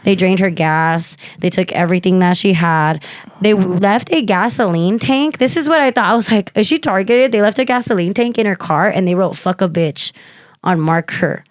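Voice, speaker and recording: A woman's voice: fairly low pitch, normal speed, no echo. Woman comedian, podcast co-host, casual storytelling, profane, acts out quotes, dry close mic.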